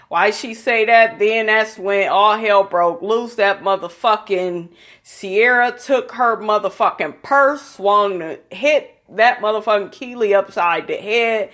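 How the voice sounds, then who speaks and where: A woman's voice: mid-range voice, slow, a bit bright. Blunt, foul-mouthed woman recapping gossip. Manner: blunt, profane, opinionated. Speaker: reality TV recap vlogger. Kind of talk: casual gossipy episode recap.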